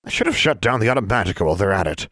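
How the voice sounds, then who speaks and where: A man's voice: fairly low pitch, big pitch swings, very fast, a bit bright, dry recording, studio quality, heavily acted. A man voicing a stern, disapproving witch in traditional robes, grumbling and curt, for an audiobook. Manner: grumbling, then reproachful.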